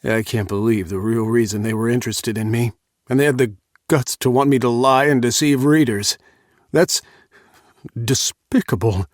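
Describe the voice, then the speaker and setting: A man's voice: on the low side, moderate pace, no room sound, studio quality, natural voice. A man voicing an upset young male writer who rants in frustration. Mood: indignant. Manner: rising and agitated, ranting.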